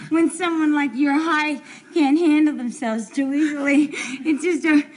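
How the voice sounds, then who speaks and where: An actress playing a naive, flustered housewife in a 1970s TV soap, rambling and repeating herself nervously. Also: female voice, sits high, steady tone, a little slow, a little mellow. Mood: rattled.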